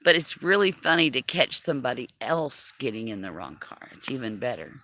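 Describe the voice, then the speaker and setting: A woman's voice: extremely low pitch, big pitch swings, fairly quick, sharp tone, dry recording. A woman chatting casually on a livestream, self-deprecating and laughing often as she talks. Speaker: livestream host.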